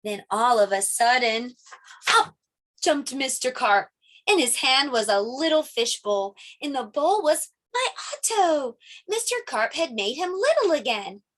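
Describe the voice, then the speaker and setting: A middle-aged woman teacher reading a picture book aloud to little ones. She reads at a slow, careful pace. Her fairly high voice swoops up and down as she tells the story in an animated way. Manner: animated storytelling with sound effects. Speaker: preschool teacher.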